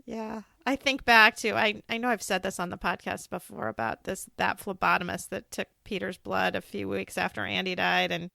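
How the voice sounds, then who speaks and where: A woman's voice: medium pitch, steady tone, moderate pace, creaky, few pauses, sharp tone, no room sound, studio quality. A woman hosting a podcast interview, talking earnestly and getting emphatic when something upsets her. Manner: earnest, grows heated and emphatic when indignant. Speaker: podcast host. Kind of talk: casual conversational interview.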